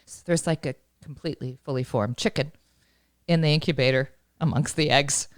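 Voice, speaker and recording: A woman co-hosting a podcast, chatting casually and telling animated stories full of laughter. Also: sits low, fairly quick, no echo, studio quality. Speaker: podcast co-host. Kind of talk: casual chat.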